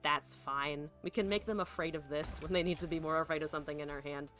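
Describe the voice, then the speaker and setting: A woman's voice: low voice, fairly even intonation, quick pace, fairly bright tone, soft background music. A woman streamer thinking aloud through a card game, swearing freely and chatting to her viewers. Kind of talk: live gameplay commentary.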